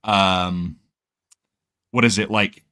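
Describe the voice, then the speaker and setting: A man hosting a casual book-club chat, recapping chapters in an animated, rambling way with lots of fillers. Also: sits low, drawn-out words, clear, resonant tone.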